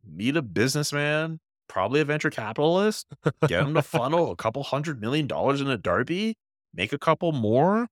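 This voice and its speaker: A man's voice: medium pitch, big pitch swings, brisk, dry recording, clean studio sound. A man co-hosting a casual podcast, teasing his friend with playful mock outrage. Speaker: podcast co-host, sports writer. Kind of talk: casual chat.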